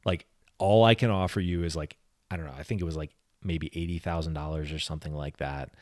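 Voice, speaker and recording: Deep-voiced male podcast co-host, rambling storyteller, dry close mic. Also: quick pace, dry recording. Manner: rambling, animated storyteller with many restarts. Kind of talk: casual movie chat.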